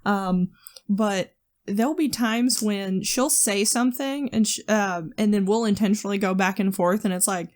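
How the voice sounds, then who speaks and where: A woman's voice: medium pitch, moderate pace, a little mellow. Chatty woman with a Southern accent. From American South. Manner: chatty, frequent "um" and "like", laughs easily. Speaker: podcast co-host. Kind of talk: casual chat.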